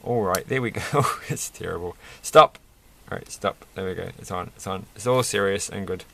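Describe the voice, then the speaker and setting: Gravelly, rambling man building toys. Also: deep voice, normal speed, fairly bright tone. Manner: rambling, self-mocking, laughs at his own jokes. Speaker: toy reviewer building a set. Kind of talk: casual off-the-cuff commentary.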